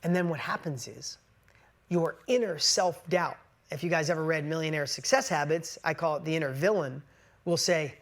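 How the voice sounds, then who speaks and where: A motivational coach with a slightly high voice speaks at a normal speed. He delivers an emphatic talk to a live online audience, often repeating himself and restarting his sentences.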